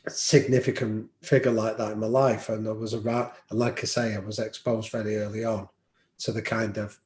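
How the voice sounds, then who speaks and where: As a podcast guest, a man shares reflective anecdotes with frequent ums, recorded with a roomy echo. His voice is lowish and a little mellow, with a level tone and normal speed.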